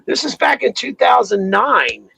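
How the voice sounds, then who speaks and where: Man, high gravelly voice, husky, profane animated storyteller, dry sound. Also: measured pace, no echo, low-quality recording. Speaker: podcast host. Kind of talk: casual chat.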